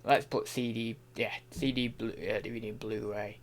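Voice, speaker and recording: A man's voice: on the low side, fairly even intonation, moderate pace. A young man chatting casually on a livestream while working, thinking aloud and rambling with many restarts. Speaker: online reseller and streamer.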